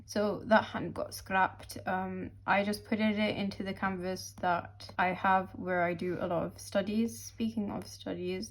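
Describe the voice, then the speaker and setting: A woman's voice: mid-range voice, vocal fry. A young woman, a webcomic artist, chatting casually and rambling in a studio vlog, a bit tired and out of breath. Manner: chatty, rambling, playful slang.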